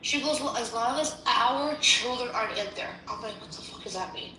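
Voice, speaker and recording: A woman's voice: a little high, fairly quick, pushed and bright, slight background noise. A woman telling a story in casual chat, heated and profane. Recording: echoey room.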